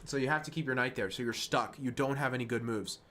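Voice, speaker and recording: A man streaming chess, talking fast and self-mocking through move lines, dropping to quiet muttering when frustrated. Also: mid-range voice, a little hiss or hum. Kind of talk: casual live-stream game commentary.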